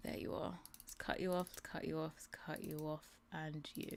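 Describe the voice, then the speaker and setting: A woman's voice: deep voice, level tone, moderate pace, slight background noise. Chatty British woman muttering as she works. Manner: rambling and giggly, muttering to herself while she works. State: tired and yawning. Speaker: Sims custom content creator streaming. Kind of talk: casual chat with live chat while working.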